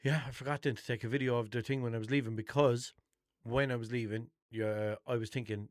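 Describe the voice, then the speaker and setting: Casting note: young Limerick Irish man, mid-pitched, chatty and sweary, unscripted podcast monologue, dry close sound. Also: steady tone, fairly quick, dry recording. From Ireland. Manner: chatty, swears a lot, rambling storytelling with restarts. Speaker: podcast host.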